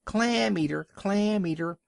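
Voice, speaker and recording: A man voicing an eager, defiant young male white seal in a storybook reading, calling out high and excited. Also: measured pace, no echo, clean studio sound, full character voice. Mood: taunting.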